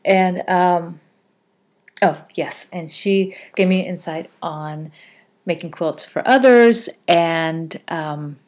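A woman hosts a casual podcast. She rambles through listener comments, full of fillers and quick self-corrections, in a relaxed, chatty way. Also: lowish voice. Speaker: podcast host.

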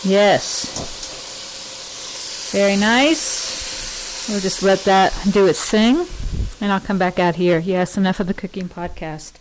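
A woman's voice: medium pitch, steady tone, normal speed, a little mellow, a little hiss or hum. A woman hosting a casual home podcast, chatty and self-deprecating, rambling and wandering off topic as she goes. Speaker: podcast host. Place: home kitchen.

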